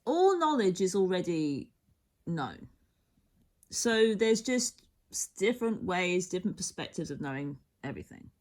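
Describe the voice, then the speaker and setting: A woman's voice: on the low side, sing-song, a little slow, a little mellow. A woman talks through a tarot reading with a voice that rises and falls a lot. She rambles and muses, restarts her sentences often, and sometimes sinks almost to a whisper. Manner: rambling, musing, self-interrupting. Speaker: tarot reader.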